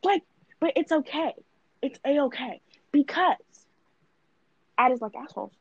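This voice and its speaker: A woman's voice: high-pitched, animated, unhurried, no echo, lo-fi sound. A young woman co-hosting a podcast, talking bluntly and rambling with lots of fillers and swearing. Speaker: podcast co-host. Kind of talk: casual chat.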